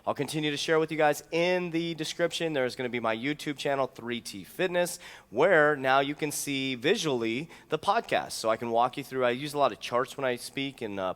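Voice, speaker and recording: Energetic male coach, swooping emphatic delivery. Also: big-room sound. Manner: energetic, swings his pitch and loudness for emphasis; repeats key lines for emphasis. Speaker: health and mindset coach hosting a podcast. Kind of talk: motivational podcast monologue. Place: indoor room with a whiteboard.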